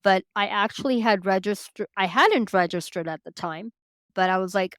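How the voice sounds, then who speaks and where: A Canadian woman in her forties, a podcast guest telling her story casually, chatty and quick to laugh. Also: mid-range voice, fairly bright tone, dry recording, studio quality. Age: 40s. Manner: chatty, laughs often, acts out quoted lines in a lifted voice.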